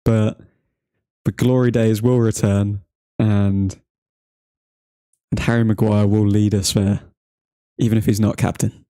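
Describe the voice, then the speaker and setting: A man's voice: on the low side, little pitch movement, measured pace, long pauses, warm tone, smooth, dry recording. A young man from England hosting a football watchalong stream, chatting to viewers, joking and laughing often. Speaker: watchalong livestream host. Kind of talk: casual live chat to viewers.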